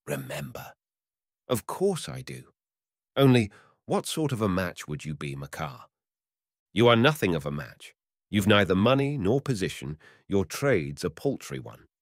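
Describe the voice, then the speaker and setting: Brief: male narrator playing a smug, penny-pinching older man in a storybook; brisk, dismissive, very low voice. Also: sing-song, no echo, studio quality, heavily acted. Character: older man, smug miserly customer, blunt.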